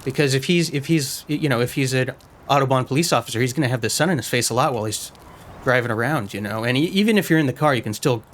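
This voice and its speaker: Talking fast in a medium-pitched voice, a man casually narrates his gameplay from a messy room at home, rambling, mocking himself and tripping over words. Slight background noise mixes with loud car and game sounds.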